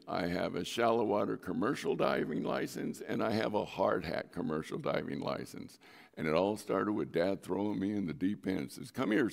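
A man's voice: on the low side, creaky. A middle-aged male pastor giving a sermon in a conversational storytelling way, with sudden emphatic rises in his voice.

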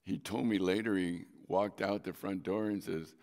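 A man delivers a sermon in a low, gravelly voice, leaning hard on key words as he tells a story from his own life. His voice rings with the long reverb of a large hall. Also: steady tone, normal speed, few pauses, a little mellow. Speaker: pastor.

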